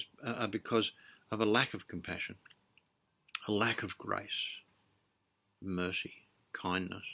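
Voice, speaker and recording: A man's voice: fairly low pitch, creaky, bright, forceful tone. A middle-aged man preaching a sermon in an earnest, conversational way, often restarting his sentences. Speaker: pastor.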